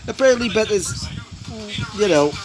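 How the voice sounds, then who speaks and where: A nervous young woman, hesitant and hushed as she asks for help, as a man puts her on. The voice stays near the narrator's own. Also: sits high, lively intonation, moderate pace, pitched above the performer's own voice, low-quality recording. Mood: worried.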